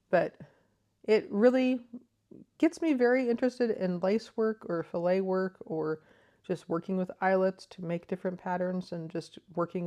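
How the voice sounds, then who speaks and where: A woman hosting a crochet vlog, explaining things in a thoughtful, enthusiastic way, with frequent ums. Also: medium pitch. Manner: thoughtful, enthusiastic, soft-spoken with frequent fillers. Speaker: crochet vlogger. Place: living room.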